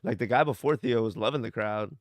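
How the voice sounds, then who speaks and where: A man's voice: mid-range voice, a little fast, no echo. A young man chatting casually on a podcast, laid-back and rambling, swearing and saying "like" a lot. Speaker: podcast co-host. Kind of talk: casual chat.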